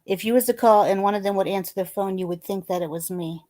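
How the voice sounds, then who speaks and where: Woman, middle-aged, stream guest, mid-pitched voice, relaxed short replies. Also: fast. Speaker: guest on a live-streamed talk show. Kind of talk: casual livestream chat.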